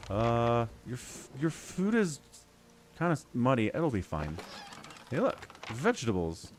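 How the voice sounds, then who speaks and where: A man with a mid-range voice and huge pitch swings streams a role-playing game, chatting casually in an unhurried way. He reads the game text aloud as part of his gameplay commentary.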